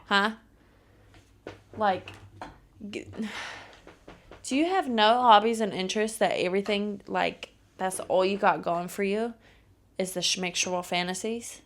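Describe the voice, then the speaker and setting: A young woman talks through her week on her own podcast, slow and unhurried, with a gravelly fry in her voice. She rants bluntly and swears freely as she tells her stories. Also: mid-range voice. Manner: blunt, profane, ranting storyteller. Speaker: podcast host. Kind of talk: casual solo podcast monologue.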